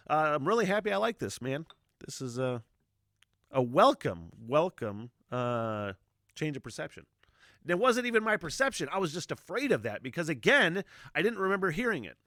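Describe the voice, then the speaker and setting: A man's voice: on the high side, sing-song, a little fast, sharp tone, no echo, clean studio sound. A middle-aged man hosting a music reaction video, rambling casually with lots of fillers and swearing.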